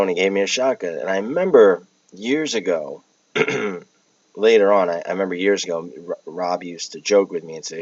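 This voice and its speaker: A man casually telling a dream story, halting with restarts and fillers, often clearing his throat. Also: deep voice. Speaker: podcast host telling a dream. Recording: dull lo-fi dry recording.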